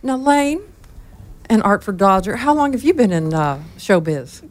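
A woman's voice: medium pitch, sing-song, a little slow. Chatty, playful woman radio host. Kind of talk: radio interview.

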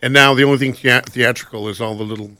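A man's voice: mid-range voice, fairly even intonation, fast talker, pushed and bright, no echo. A man who is a musician, a guest on a radio show, joking and laughing as he chats. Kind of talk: radio interview chat.

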